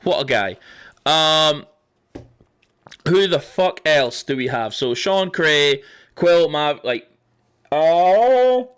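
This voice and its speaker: Casual male streamer, slightly high voice, loose and rambling, swears freely. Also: animated, extremely slow, long pauses, fairly bright tone, smooth. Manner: rambling, swearing, laughing often. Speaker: livestream host. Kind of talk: casual livestream chat.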